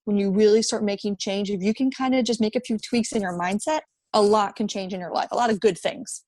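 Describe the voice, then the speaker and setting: A woman in her thirties, an app founder, speaks earnestly as a guest in a conversational podcast interview, often repeating words while she thinks. Her mid-range voice is a little fast and darkish in tone, with no room sound.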